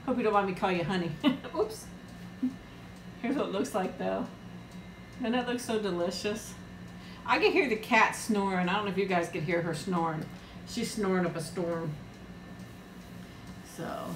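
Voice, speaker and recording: A woman's voice: medium pitch, moderate pace, long pauses, background noise. Chatty woman in an echoey room. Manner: chatty and rambling, laughs often. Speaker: livestream host. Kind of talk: casual live-chat eating stream. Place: home.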